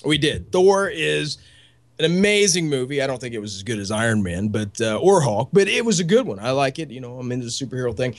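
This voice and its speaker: Animated man chatting casually. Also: medium pitch, fast talker. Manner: excitable, rambling, laughs often. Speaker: co-host. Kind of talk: casual chat.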